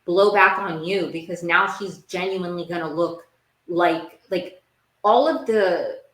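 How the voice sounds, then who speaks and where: A woman's voice: lowish voice, unhurried. Rambling young woman, roomy echo. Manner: rambling and emphatic, heavy use of "like", repeats phrases. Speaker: podcast host. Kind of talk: casual TV recap monologue.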